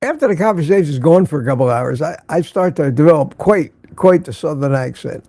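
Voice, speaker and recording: A man's voice: on the high side, lively intonation, a little fast, creaky, mellow, no echo, studio quality. An older man hosting a casual morning livestream, greeting viewers by name and reading the chat aloud. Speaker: livestream host.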